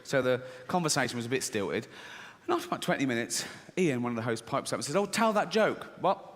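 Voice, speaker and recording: Storytelling comedian in a reverberant hall. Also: male voice, medium pitch, animated, quick pace, a bit bright. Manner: conversational, storytelling, self-amused. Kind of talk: stand-up comedy. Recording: live venue with long reverb, faint ambience.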